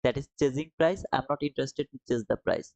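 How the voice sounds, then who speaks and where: A man's voice: medium pitch, a little fast, vocal fry, a little mellow, dry recording, poor audio. A man hosting a live trading stream, reading viewers' comments aloud and answering them in a friendly, casual way, calling them brother and man.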